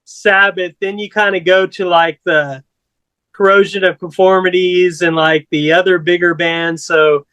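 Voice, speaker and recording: A man's voice: sits high, level tone, a little slow, bright, forceful tone, dry recording, poor audio. A man from Corpus Christi, Texas, telling a story as a guest musician in a laid-back, rambling way with casual swearing.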